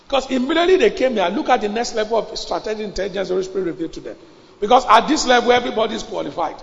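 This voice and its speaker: A man preaches with a high, gravelly voice, driving his points home and repeating phrases as he builds to shouts. The sound is dull and lo-fi, with long reverb from a large hall. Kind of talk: sermon.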